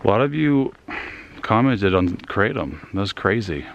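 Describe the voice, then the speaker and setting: A young man with a very low voice talks while he walks outdoors, slightly out of breath. He rambles, trails off and pokes fun at himself. A faint outdoor hush sits behind him. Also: very animated, unhurried, muffled recording, a little hiss or hum. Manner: rambling, self-deprecating, trailing off. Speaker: vlogger. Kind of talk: casual rambling vlog. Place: outdoors in the woods, walking.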